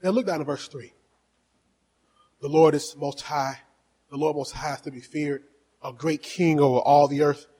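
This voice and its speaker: A male pastor preaching a fervent sermon, dropping to soft asides and then rising to shouting as he urges on the congregation. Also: fairly high pitch, steady tone, normal speed, long pauses, slightly rough, rough recording. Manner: exhorting the congregation.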